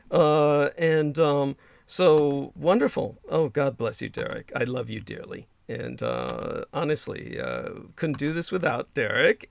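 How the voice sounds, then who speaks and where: A man's voice: mid-range voice, creaky, dry recording. A man hosting a casual livestream, effusive and rambling with many fillers, reading chat messages aloud. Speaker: livestream host.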